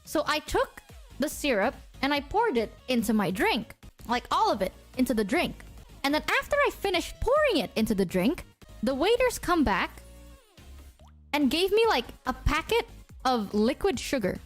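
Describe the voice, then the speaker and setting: A young woman streamer telling a story to her chat in a casual, excitable way, swearing freely. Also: high voice, moderate pace, soft background music. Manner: excitable, animated, swears a lot.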